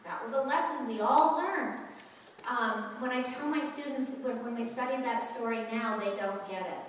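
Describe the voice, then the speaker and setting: A woman with a fairly high voice gives an earnest talk, pausing on fillers as she tells simple stories. Her voice rings through a large hall, picked up from well away from the mic. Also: slight background noise. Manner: earnest, storytelling with many fillers. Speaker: speaker at a lecture. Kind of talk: public talk to an audience. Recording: echoey hall, voice from far off.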